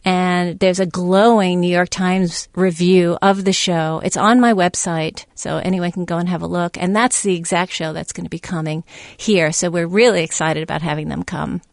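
A woman's voice: on the low side, steady tone, normal speed, vocal fry, dry recording, studio quality. A middle-aged woman who presents children's theater, talking enthusiastically in a casual interview. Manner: chatty, enthusiastic, with fillers and restarts.

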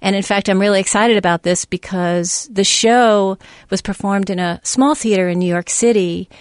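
A woman's voice: medium pitch, steady tone, moderate pace, no room sound, studio quality. A middle-aged woman who presents children's theater, talking enthusiastically in a casual interview. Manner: chatty, enthusiastic, with fillers and restarts.

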